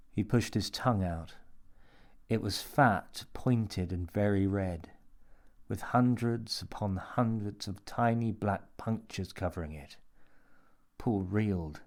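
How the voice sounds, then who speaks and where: Male audiobook narrator, lowish voice, measured and steady delivery. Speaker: story reader.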